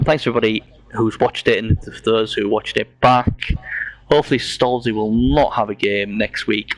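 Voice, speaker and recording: Brief: male host, playful banter, steady mid-pitched voice. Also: no echo. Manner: banter, swearing, playful teasing. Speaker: podcast host. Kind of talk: casual chat.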